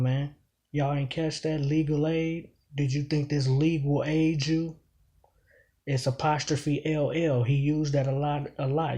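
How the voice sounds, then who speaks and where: A man's voice: a little high, warm tone. A man giving a casual breakdown of battle rap lines, repeating each bar emphatically while explaining it.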